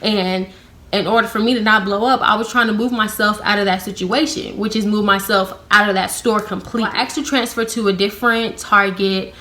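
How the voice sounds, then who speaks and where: Blunt young woman vlogger, bright tense voice, casual storytime with swearing and sarcasm. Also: medium pitch, a little fast. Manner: blunt, profane, heavy use of "like" fillers; sarcastic, animated when quoting herself.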